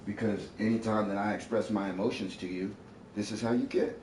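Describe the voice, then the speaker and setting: A man's voice: lowish voice, steady tone, brisk, a little mellow, recorded from a distance. A man live streaming from home, arguing at length in a confrontational, lecturing, profane way. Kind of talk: heated domestic argument. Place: at home, indoors. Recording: echoey room, off-mic, faint noise.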